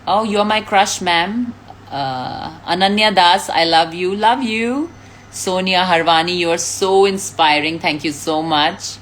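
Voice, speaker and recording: A woman's voice: lowish voice, a little slow, fairly bright tone, slight background noise. A woman, chatting casually on a live stream, reading out fan comments, thanking people and laughing often. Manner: reads out names, thanks fans, laughs often.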